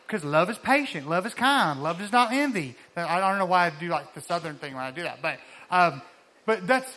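Young guy preaching, high bright voice, chatty and animated, lots of restarts. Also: poor audio. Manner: conversational, animated preaching with many restarts and asides. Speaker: pastor. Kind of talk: sermon.

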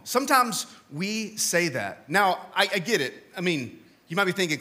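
A man's voice: high voice, normal speed. A young man from Oklahoma preaching a casual, jokey sermon with many restarts. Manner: animated, jokey, restarts often.

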